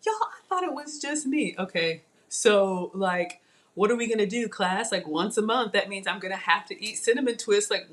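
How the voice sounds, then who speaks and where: A woman hosts a live cooking class and chats warmly with her viewers as she works. Her voice sits fairly high, and she is playful and teases herself. She talks in a lively, animated way. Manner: chatty and animated, talking to viewers while cooking; playful, self-teasing. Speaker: cooking livestream host. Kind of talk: chatty live cooking demo.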